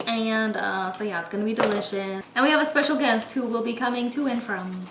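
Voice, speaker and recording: A woman's voice: on the high side, a little fast. A young woman in her twenties chatting casually and rambling as she bakes in her apartment kitchen, laughing often. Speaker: vlogger. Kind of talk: casual chat while baking. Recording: echoey room, faint noise.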